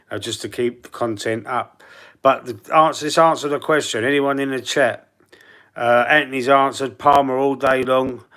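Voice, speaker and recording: A man's voice: medium pitch, a bit bright. A man with a Cockney London accent, chatting casually and rambling on a live football fan stream, reading out the chat.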